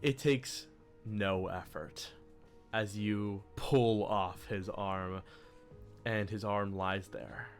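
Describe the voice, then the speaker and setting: A man's voice: on the low side, fairly even intonation, drawn-out words, soft background music. A man narrating a tabletop game as game master, often laughing between lines.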